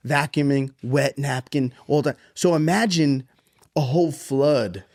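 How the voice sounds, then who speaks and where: A man in his thirties co-hosting a podcast, telling a story in casual, profane chat and acting out the voices with big jumps in pitch. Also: measured pace, a little mellow. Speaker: podcast co-host.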